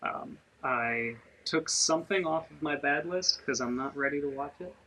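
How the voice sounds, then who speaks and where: A man's voice: a little high, normal speed, sharp tone. A man co-hosting a podcast in casual chat, rambling along with lots of fillers. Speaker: podcast co-host. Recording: muffled lo-fi audio with faint noise.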